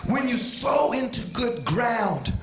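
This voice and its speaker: A man preaching a sermon with passion, swinging from shouts down to quiet asides. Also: very high voice, sing-song, slow pace, reverberant. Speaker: pastor. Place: church sanctuary.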